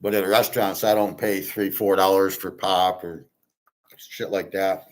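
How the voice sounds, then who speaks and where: A man's voice: sits low, little pitch movement, unhurried. A man hosting a casual monologue, blunt and opinionated, swearing freely and rambling with fillers. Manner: rambling with fillers, trails off quietly. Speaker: host.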